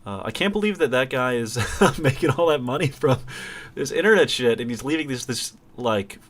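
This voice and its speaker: A man in casual conversation, talking bluntly in quick bursts and swearing freely. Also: mid-range voice, animated. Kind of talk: casual chat.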